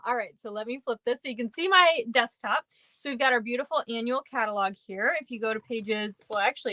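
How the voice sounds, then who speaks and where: A woman's voice: fairly high pitch, a bit bright, no room sound. A woman hosting a live-streamed card-making class, chatty and bubbly, laughing often and greeting viewers by name. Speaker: craft class host. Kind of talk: live-streamed craft demonstration.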